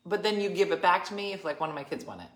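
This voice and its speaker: Middle-aged female host, chatty, lower voice, recorded in an echoey room. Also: very fast. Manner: animated, laughs often, acts out quoted people. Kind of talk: casual storytelling chat. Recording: roomy echo.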